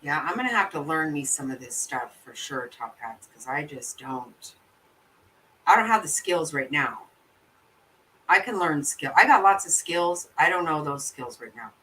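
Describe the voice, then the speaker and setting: A woman's voice: low voice, expressive, normal speed, pushed and bright, distant mic, a little hiss or hum, rough recording. A woman hosting a live stream, chatting casually with her viewers in a blunt, profane way and laughing easily. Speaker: livestream host. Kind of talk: casual chat reacting to viewer comments.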